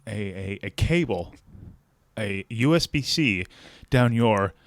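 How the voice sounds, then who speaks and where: A man's voice: lowish voice, animated, dry recording, studio quality. Man doing a weary, mock-serious call-center worker. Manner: mock-serious, slow, apologetic.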